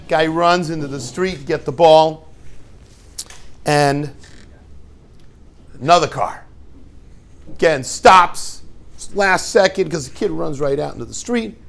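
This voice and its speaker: A rabbi teaching his students through a lively story, acting out the scenes and dropping in joking asides. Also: a little high. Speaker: rabbi and yeshiva head.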